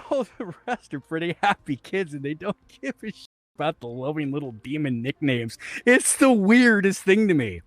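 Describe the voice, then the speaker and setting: A man's voice: on the high side, big pitch swings, normal speed, dry recording. A middle-aged man talking casually as an interview guest, blunt and profane, laughing easily.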